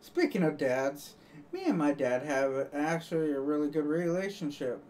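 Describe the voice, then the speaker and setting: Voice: mid-range voice, big pitch swings, moderate pace, darkish tone, far from the mic. A live streamer chatting casually to viewers, rambling and joking, laughing at their own jokes.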